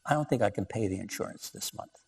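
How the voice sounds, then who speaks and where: A man voicing a quiet, introverted husband who talks reluctantly about his worries, in a lecture hall with long reverb. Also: fairly low pitch, quick pace, vocal fry, a little hiss or hum, pitched below the performer's own voice.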